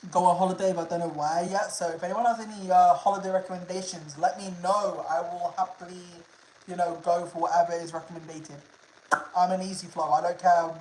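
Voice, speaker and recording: A man's voice: high-pitched, darkish tone. A young man from the United Kingdom, chatting casually with his livestream viewers, swearing freely and repeating himself. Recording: roomy echo.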